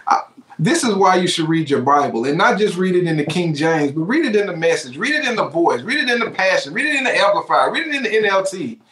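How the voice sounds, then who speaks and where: Fervent preacher in an echoey room. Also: male voice, high-pitched, very animated, fast talker, a bit bright. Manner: fervent, repeats phrases, exclaims. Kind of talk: sermon.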